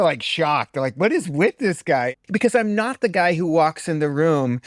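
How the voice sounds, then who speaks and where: A man's voice: a little high, animated, normal speed, hardly any pauses, no echo, clean studio sound. A man from the US East Coast who teaches breathwork, talking as a guest in a blunt, straightforward and emphatic way. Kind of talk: casual conversation.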